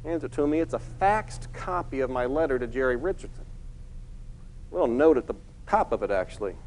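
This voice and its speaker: A man's voice: mid-range voice, fairly quick, slight background noise, rough recording. A middle-aged man giving a keynote talk, telling a personal story and acting out the people in it. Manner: animated, acts out the people in his story. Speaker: keynote speaker.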